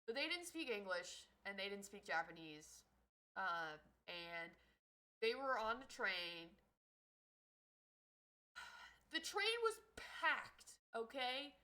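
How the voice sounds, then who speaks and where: A woman streamer telling a story in casual livestream chat, animated and swearing freely. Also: medium pitch, slow, long pauses, rough recording.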